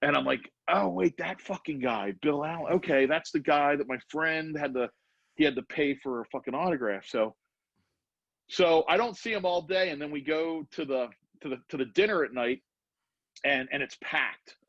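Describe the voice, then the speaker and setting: Animated, swearing storyteller man, dull lo-fi sound. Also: a little high, moderate pace, creaky, dry recording. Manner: profane, animated, acts out voices in anecdotes. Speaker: podcast guest, former BMX rider. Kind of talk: casual storytelling. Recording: dull lo-fi podcast audio.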